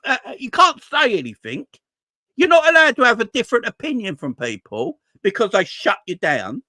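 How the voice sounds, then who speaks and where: Guy ranting about football, bright high voice, swears a lot, dry sound. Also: huge pitch swings, moderate pace, no room sound. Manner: exasperated, swears, repeats himself when frustrated. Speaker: football fan channel host. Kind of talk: casual ranting commentary.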